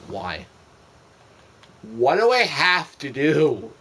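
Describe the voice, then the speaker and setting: Slow-talking, exasperated young man ranting. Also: a little high, sing-song, bright, forceful tone. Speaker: streamer. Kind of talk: casual gameplay commentary.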